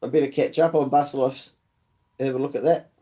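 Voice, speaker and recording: A man's voice: mid-range voice, fairly even intonation, brisk, dark tone. A young man with a New Zealand accent hosting a casual live chat, slangy and swearing freely, calling viewers mate and bro. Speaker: livestream host.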